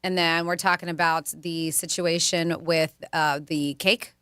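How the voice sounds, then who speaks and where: A woman co-hosting a radio talk show, reading listener texts aloud and chatting. Her voice is on the low side but bright. The studio sound is dry and close. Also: flat delivery, a little slow, clear, resonant tone, no room sound. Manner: chatty, laughs while reading. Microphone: studio microphone.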